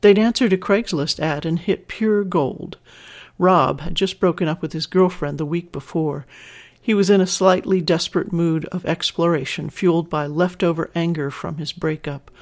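A narrator reading an adult story aloud with steady, measured pacing. The voice sits in an ordinary middle pitch.

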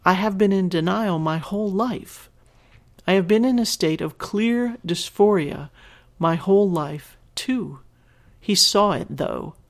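A woman's voice: mid-range voice, measured pace. A woman hosting a podcast, reading a listener's letter aloud and reacting in an earnest, emotional way, teary and laughing at times. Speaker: podcast host.

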